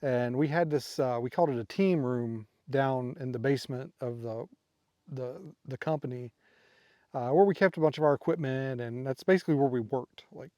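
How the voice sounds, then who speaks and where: A middle-aged man vlogging from a campsite, telling rambling stories full of fillers in an easygoing voice. His voice sits at an ordinary middle pitch. The sound is dry and close, with no room echo. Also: darkish tone, lo-fi sound. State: tired from a sleepless night. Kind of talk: casual vlog storytelling. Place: outdoor campsite by water.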